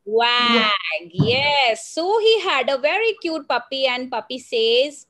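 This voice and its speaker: A woman's voice: on the high side, slow pace, few pauses, a bit bright. A woman teaching young children phonics, sounding out words and telling a simple story in a patient, coaxing way. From India.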